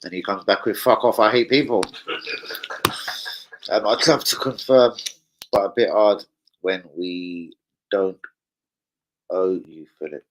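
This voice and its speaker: A man's voice: sits low, unhurried, pauses often, a little hiss or hum, low-quality recording. A man hosting a football fan channel, hyper and slangy, swearing freely through casual chat and a transfer news roundup.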